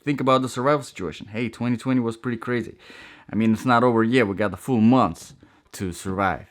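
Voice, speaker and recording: A man's voice: mid-range voice, expressive, normal speed. A man hosting a casual product review, chatty and enthusiastic, with rambling asides. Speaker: gear reviewer.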